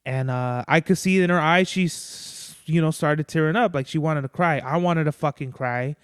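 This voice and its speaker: Podcast host, male, loose rambling monologue, slightly high and crisp, dry close sound. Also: moderate pace, no echo. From Mexican-American family. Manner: rambling, profane, lots of "like" and "bro". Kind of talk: casual solo monologue.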